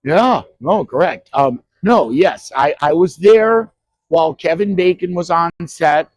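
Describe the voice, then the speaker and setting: A man around sixty telling stories from his acting past in an interview, animated and quick to act out what others said. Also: on the high side, dry recording. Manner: animated, acts out quoted voices, frequent restarts. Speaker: actor guest at a horror convention. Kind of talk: anecdotal interview storytelling. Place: convention interview.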